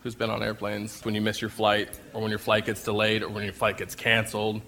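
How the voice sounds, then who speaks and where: A man's voice: on the low side, completely flat delivery, fairly quick, creaky, sharp tone, a little hiss or hum. A man telling a personal faith story, acting out scenes and laughing at himself as he goes. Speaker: speaker sharing a faith testimony.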